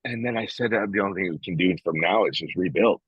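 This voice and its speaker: A man with a very low, husky voice co-hosts a casual podcast, talking bluntly and swearing freely. He circles back and restarts his thoughts as he reflects. The recording is dry and a little muffled. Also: fast talker, dry recording. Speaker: podcast co-host.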